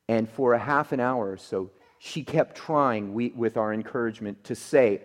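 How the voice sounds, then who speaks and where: A man preaching a sermon, telling a story that swings between emphatic outbursts and hushed, quiet passages. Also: mid-range voice, moderate pace, few pauses. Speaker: pastor.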